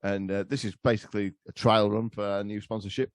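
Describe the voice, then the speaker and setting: A man's voice: fairly low pitch, little pitch movement, fairly quick, dry recording. A man, a podcast guest telling crude, rambling stories in casual chat. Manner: crude, rambling, laughing storyteller.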